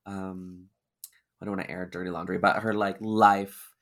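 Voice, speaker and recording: A man's voice: low-pitched, little pitch movement, normal speed, a bit bright. A man from Washington State, a drag performer chatting as a podcast guest, rambling and giggly. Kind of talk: casual chat.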